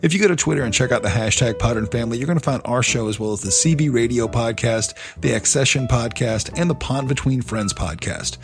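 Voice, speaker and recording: A man's voice: mid-range voice, fairly quick, hardly any pauses, soft background music. A man co-hosting a casual podcast, telling profane childhood stories and acting out his family. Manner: storytelling, swearing, acting out family members. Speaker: podcast co-host.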